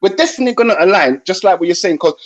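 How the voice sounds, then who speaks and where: A man's voice: sits high, expressive, very fast, a crowd in the background. A man of Jamaican heritage on a livestream panel, speaking earnestly and conversationally over an online call.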